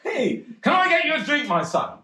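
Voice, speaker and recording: A man's voice: extremely high pitch, very animated, normal speed, sharp tone, pitched above the performer's own voice, full character voice. An actor putting on a brash, chummy older man in a pub on stage. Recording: roomy theatre.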